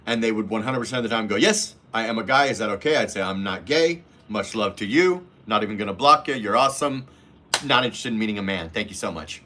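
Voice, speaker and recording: A blunt, foul-mouthed man chats through a livestream, answering his viewers' comments. His voice has a bright, forward edge. He talks casually and crudely, and he sometimes mimics the people in his stories. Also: lowish voice, lively intonation, fast, slight background noise. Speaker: livestream host reading chat.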